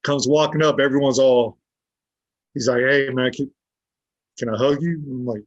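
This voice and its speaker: A man's voice: mid-range voice, normal speed, long pauses, no echo. A man guest on a podcast telling a story, blunt and swearing freely, acting out what others said to him. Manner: blunt, heavy swearing, acts out quoted dialogue. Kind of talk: casual storytelling. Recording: dull lo-fi dry sound.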